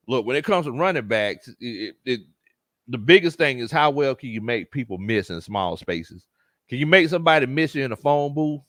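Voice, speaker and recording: Lively man chatting sports. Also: medium pitch, no room sound, studio quality. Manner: laughs often, Southern slang, animated reactions. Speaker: sports show host and coach. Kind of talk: casual livestream chat reading comments.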